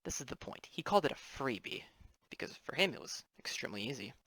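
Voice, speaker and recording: Young student guy explaining stuff, rambly, lively up-and-down voice, dry sound. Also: mid-range voice, fast talker, husky, no room sound. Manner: rambling, with offhand apologetic asides. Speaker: student presenter. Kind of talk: casual explainer lesson over drawings.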